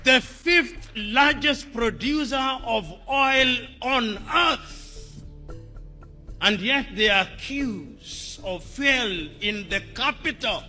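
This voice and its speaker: A man's voice: very high-pitched, drawn-out words, sharp tone. A man delivering a formal public speech, impassioned, with rhetorical questions and emphatic repetition. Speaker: public speaker. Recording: reverberant hall with music added.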